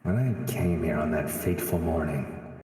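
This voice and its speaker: A man's voice: very deep voice, moderate pace, mellow, very echoey, big-room sound, slight background noise, voice pushed down. A man reading a weary disbarred lawyer. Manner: weary, sighing.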